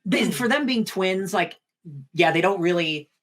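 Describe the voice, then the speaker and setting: A man's voice: high voice, animated, unhurried, fairly bright tone. A man co-hosting a podcast, chatting casually about a movie and agreeing often. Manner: easygoing, agreeable, frequent yeahs. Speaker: podcast co-host. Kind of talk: casual chat.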